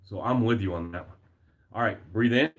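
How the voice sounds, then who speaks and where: A man's voice: fairly low pitch, fairly quick. A man hosting a live motivational broadcast as a success coach, speaking emphatically in repeated phrases and reading viewer comments aloud. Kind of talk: motivational livestream talk. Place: home.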